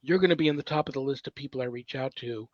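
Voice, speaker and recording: A man's voice: mid-range voice, fast talker, dry recording. Chatty man hosting a podcast. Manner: rambling and chatty, with many fillers. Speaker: podcast host. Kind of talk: casual podcast interview. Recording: dull, dry podcast recording.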